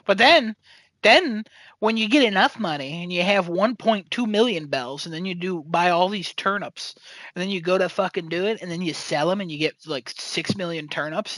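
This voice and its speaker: A young man chats on his podcast with a bright, forceful voice that often rises when he gets worked up. He rambles and swears freely as he tells jokey stories. The sound is dry and close, with no room around it. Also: high voice, animated, moderate pace, no room sound. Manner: rambling, profane, jokey storytelling. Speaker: podcast host. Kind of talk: casual chat.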